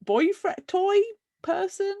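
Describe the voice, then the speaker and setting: A woman's voice: very high-pitched, expressive, slow, vocal fry, dark tone. A woman co-hosting a podcast in casual book talk, retelling scenes with animation and laughing along. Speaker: podcast co-host.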